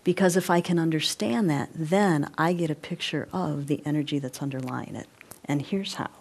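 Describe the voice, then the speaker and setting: A woman presenting a live workshop, animated, guiding listeners through movements and often checking in with them. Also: deep voice, normal speed. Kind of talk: live interactive workshop talk.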